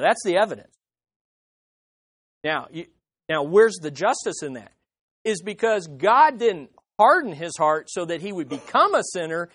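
A woman preaching a sermon in an emphatic way, moving between loud stresses and hushed asides. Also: medium pitch, no echo, clean studio sound.

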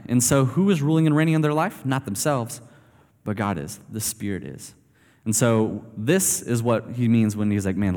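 Casual preacher in a reverberant hall. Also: male voice, medium pitch. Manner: conversational, animated storytelling. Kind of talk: sermon.

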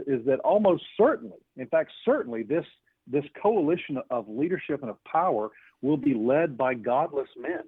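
A man's voice: mid-range voice, husky, no echo. A man being interviewed as an author, talking earnestly with many fillers and restarts. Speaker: author guest. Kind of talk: interview on a phone line. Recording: tinny phone line.

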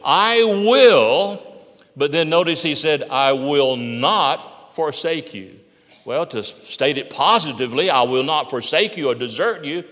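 A man's voice: a little high, moderate pace, a bit bright. A man preaching a sermon, emphatic and repeating phrases for stress. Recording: long hall reverb.

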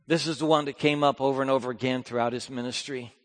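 A male preacher delivering a sermon, swinging from hushed, slow lines to loud, fervent ones. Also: medium pitch, fairly even intonation.

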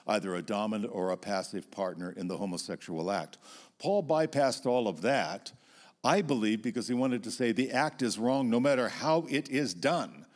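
A man giving a Bible teaching talk to a class, measured and emphatic, dropping his voice low on key points. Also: darkish tone.

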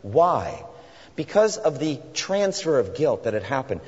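A man with a middle-pitched, slightly husky voice preaches earnestly, slowing down to dwell on each phrase. The sound is a little dull, and a long reverb hangs in the large hall around him. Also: big pitch swings. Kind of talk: sermon.

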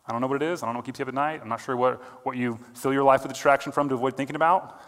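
A male pastor preaching a sermon, earnest, rising to emphatic peaks and then dropping quiet. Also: medium pitch, steady tone, rapid-fire. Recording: long hall reverb.

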